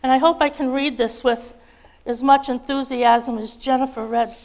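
A woman's voice: high voice, steady tone, moderate pace. Earnest woman teaching a Bible lesson. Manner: earnest and gentle, with soft fillers. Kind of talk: Bible lesson with a read-aloud children's story.

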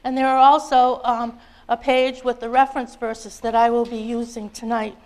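A woman's voice: on the high side, flat delivery, moderate pace. Earnest woman teaching a Bible lesson. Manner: earnest and gentle, with soft fillers. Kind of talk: Bible lesson with a read-aloud children's story.

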